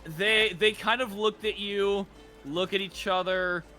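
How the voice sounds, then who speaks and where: Male game master, higher voice, bright tone, relaxed and joking, faint music behind. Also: a little slow. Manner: laid-back, joking, swears casually. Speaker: dungeon master. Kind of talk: narrating a tabletop game.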